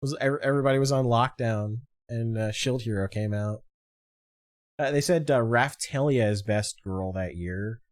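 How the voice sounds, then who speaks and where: A man's voice: mid-range voice, moderate pace. A man hosting a casual podcast, talking animatedly and swearing freely as he reads through a list of awards. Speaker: podcast host. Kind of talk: casual chat.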